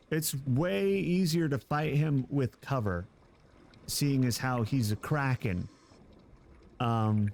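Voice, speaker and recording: A man streaming a game live, commenting as he plays, often yelping and exclaiming in surprise. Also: on the high side. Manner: excitable, yelps and exclaims often.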